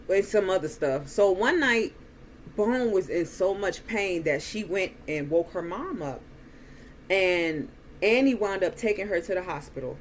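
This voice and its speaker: Woman, movie recap, slow and unhurried, lots of ums, lower voice, faint hiss. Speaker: movie reviewer.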